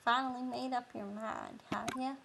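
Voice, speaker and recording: A woman's voice: fairly high pitch, huge pitch swings, gravelly, heavy background noise, exaggerated voice. A woman doing a frail, doddering old man. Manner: wavering, slow, doddering. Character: fragile, rambling old man, pasta shop owner. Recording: game music behind.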